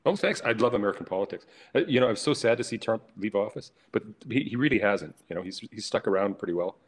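Fast-talking teasing male cartoonist. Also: lowish voice, expressive. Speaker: guest cartoonist. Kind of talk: casual panel chat.

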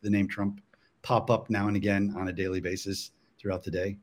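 A man's voice: lowish voice, little pitch movement. A man, a guest cartoonist, chatting casually on a panel, often stopping and restarting his sentences. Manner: halting, full of restarts.

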